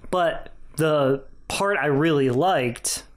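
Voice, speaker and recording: A man's voice: a little high, slow pace. A young man co-hosting a podcast, giving candid, rambling opinions in casual chat. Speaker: podcast co-host.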